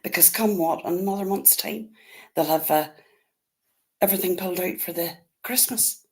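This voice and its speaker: Speaking at normal speed in a darkish, fairly low voice, this Northern Irish livestream host chats casually in her accent. She greets each of her viewers individually.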